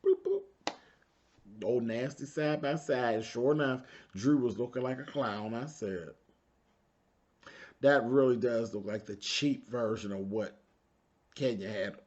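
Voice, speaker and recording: A man in the middle of the pitch range dishes out a sassy, gossipy recap of a reality show, drawling pet names. His voice comes through a dull, lo-fi recording. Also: measured pace, a little mellow. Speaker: reality TV reviewer. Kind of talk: casual episode recap commentary.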